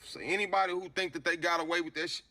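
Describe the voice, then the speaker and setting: A man's voice: high voice, steady tone, fast, sharp tone. A man talking casually to camera, rambling with lots of fillers.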